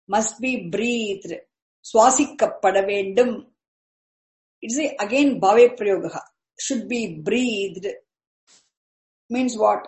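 A woman's voice: a little high, a little mellow, reverberant. A woman teaching a text, reciting word by word and explaining in between. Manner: syllable-by-syllable chanting, then quick asides. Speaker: Sanskrit teacher.

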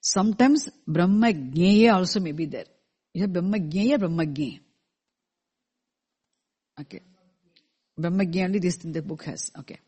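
A teacher explaining a scripture verse to a class in a measured way, repeating key terms and asking the listeners questions, with verses chanted slowly in between. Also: mid-range voice, dark tone, breathy edge. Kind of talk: scripture lecture.

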